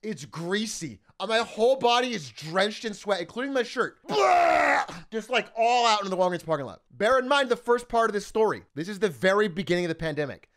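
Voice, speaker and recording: A young male streamer with a high voice tells a rambling personal story. His delivery is animated and profane, with frequent laughter and wide swings in pitch. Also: fast, hardly any pauses. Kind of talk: casual storytelling.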